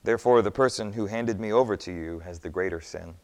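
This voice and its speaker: A man voicing a calm, soft-spoken prisoner on trial, speaking quietly and slowly. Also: lowish voice, natural voice. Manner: quiet, measured. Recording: long hall reverb.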